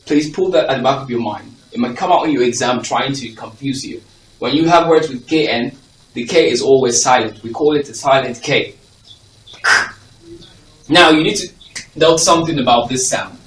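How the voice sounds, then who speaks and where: Teaching phonics to a class, this man repeats example words with emphasis and makes sure everyone is following. He has a medium-pitched, fairly bright voice at a moderate pace, captured from afar in an echoey room with a bit of hiss or hum.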